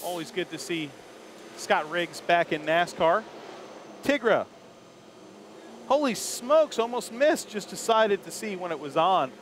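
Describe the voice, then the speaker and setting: A man's voice: sits high, expressive, a little slow, long pauses, fairly bright tone. A man roving a race garage as a reporter, chatty and jokey, laughing often as he introduces drivers. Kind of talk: roving live garage commentary. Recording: noisy garage ambience.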